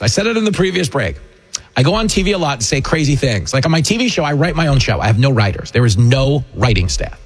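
Brief: husky-voiced middle-aged male talk radio host, sarcastic, mocking, ranting monologue. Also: mid-range voice, big pitch swings, fast.

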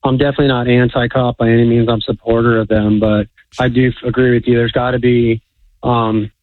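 A man's voice: medium pitch, flat delivery, a little fast, dry recording. A man calling in to a radio show, worked up and stumbling over his words. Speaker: caller. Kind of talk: phone-in call. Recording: tinny phone line.

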